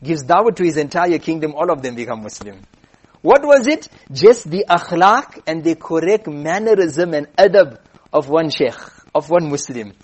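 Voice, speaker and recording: Man, preacher, sermon storytelling, high voice, animated. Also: normal speed, husky.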